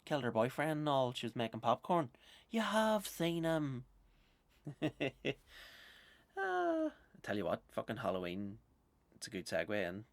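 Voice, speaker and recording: A man's voice: lowish voice, steady tone, a little fast, no room sound. A Northern Irish man, a comedian, ranting through a sweary, exasperated, rambling monologue. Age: adult with young children.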